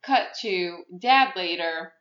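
A woman's voice: fairly low pitch, lively intonation, slow, a bit bright. A woman podcast host recapping a movie plot in casual chat, rambling, with many fillers and restarts. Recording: echoey room, muffled lo-fi sound.

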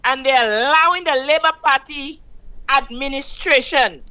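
A woman with a Saint Lucian accent, calling in to a radio talk show and preaching hard about politics, stressing words slowly and emphatically. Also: high-pitched, sharp tone, low-quality recording. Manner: impassioned, preachy, emphatic with slow drawn-out stresses. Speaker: caller. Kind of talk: call-in radio political rant.

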